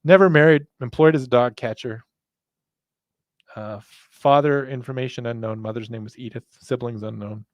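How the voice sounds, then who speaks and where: A man's voice: mid-range voice, fairly even intonation, normal speed, no room sound. A man hosting a podcast aftershow, rambling in casual chat and laughing at himself. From northern United States. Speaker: podcast host.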